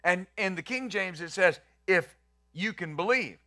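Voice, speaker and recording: A man's voice: high voice, lively intonation, unhurried, sharp tone. A male pastor preaching a conversational sermon, acting out the quotes he reads and the questions he poses.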